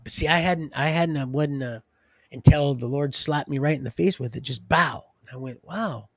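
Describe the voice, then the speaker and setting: A man's voice: on the high side, fairly even intonation, moderate pace, dry recording, clean studio sound. A man hosting a livestream, rambling and preachy, talking straight to his viewers. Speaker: livestream host.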